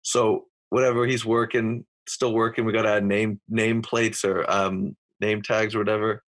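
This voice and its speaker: A man's voice: lowish voice, little pitch movement, moderate pace. A young man with a Canadian accent, a podcast guest telling a rambling story full of fillers and restarts. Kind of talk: casual storytelling.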